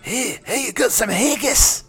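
A man putting on a loud, jokey Scottish accent to mimic a talking robot doll. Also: very high voice, lively intonation, unhurried, vocal fry, husky, faint music behind, pitched above the performer's own voice, exaggerated voice. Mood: mocking. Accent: put-on Scottish.

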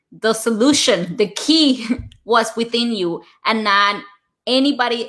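A woman's voice: mid-range voice, sharp tone. A woman host asking reflective, affirming follow-up questions in an interview.

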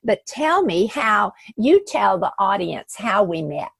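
Slow, husky-voiced podcast host from the South, warmly gushing, dry close sound. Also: female voice, medium pitch, sing-song, no echo. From American South. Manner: effusive, affectionate. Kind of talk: podcast interview.

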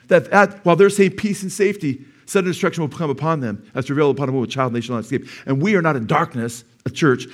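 A middle-aged man preaching a sermon as pastor in a church, emphatic, rising to loud peaks and asking the congregation questions. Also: fairly high pitch. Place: church sanctuary.

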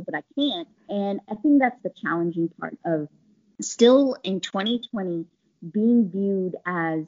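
A woman in pharmaceutical sales, chatting in an interview, telling stories animatedly and acting out quoted lines. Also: on the low side. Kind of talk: conversational interview storytelling. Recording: slightly dull lo-fi audio.

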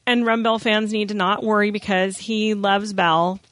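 A woman's voice: medium pitch, normal speed, no room sound. A woman co-hosting a casual chat, gushing about a TV episode and acting out the scenes. Her voice sounds dry and close, with no room around it. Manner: gushing, animated, acts out scenes. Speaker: podcast co-host.

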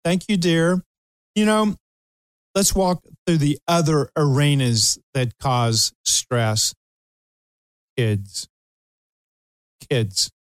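A man's voice: mid-range voice, very slow, long pauses, no room sound. An older man from Kentucky who hosts a talk show, telling a funny story with lots of laughter and acted-out voices. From Kentucky, USA. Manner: animated storyteller, laughs often, acts out quoted voices. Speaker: host.

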